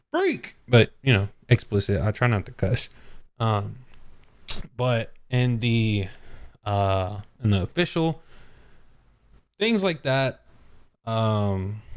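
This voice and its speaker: Guy chatting on his podcast, low-ish smooth voice, unhurried, does little character bits. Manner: animated, acts out characters' lines in quick bursts. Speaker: podcast host. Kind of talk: casual chat.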